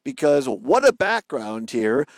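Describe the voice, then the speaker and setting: A man's voice: mid-range voice, sing-song, slow pace, vocal fry, no room sound. A man hosting a live radio talk show from outdoors, chatty and rambling. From Wisconsin. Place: outdoors on a riverbank.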